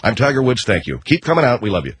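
A man doing a rambling golfer pitchman. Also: big pitch swings, very fast, fairly bright tone, slight background noise. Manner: rambling, sheepishly backpedaling. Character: famous male golfer in a rambling mock ad.

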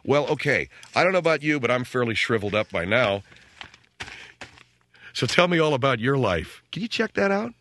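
A middle-aged man hosting a radio call-in show, telling stories in an animated, rambling way from a studio. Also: medium pitch, moderate pace, a little hiss or hum. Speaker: radio talk show host.

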